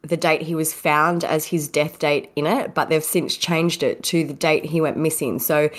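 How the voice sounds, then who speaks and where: Congested woman, low voice. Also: fairly even intonation, moderate pace. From Australia. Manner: laughs often. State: congested from a cold. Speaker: podcast co-host. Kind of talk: casual chat.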